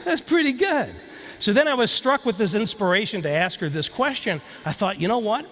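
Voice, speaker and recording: A high-voiced man delivers a lively keynote speech. He tells stories with a playful touch and keeps turning to the audience. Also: brisk. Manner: storytelling, playful, engages the audience directly. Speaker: keynote speaker.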